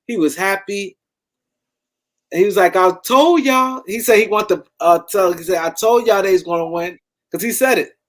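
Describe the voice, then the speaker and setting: Man, high voice, live-stream sports host, animated, stumbles and repeats words. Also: normal speed. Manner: animated, repeats words, shouts out viewers by name. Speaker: show host.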